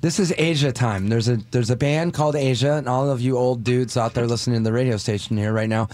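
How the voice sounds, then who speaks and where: A man's voice: mid-range voice, quick pace, a little mellow. Rambling, jokey man hosting radio. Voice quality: rambling, self-deprecating and jokey. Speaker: guest radio host. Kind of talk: casual radio banter. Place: radio studio. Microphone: studio microphone.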